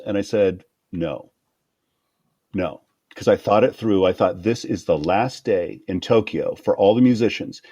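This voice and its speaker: A middle-aged man with a low voice tells anecdotes in a relaxed interview. He slips into other people's voices to act out the quotes, and laughs easily. The sound is dry and close. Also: unhurried, dry recording. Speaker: guest conductor. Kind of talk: storytelling interview.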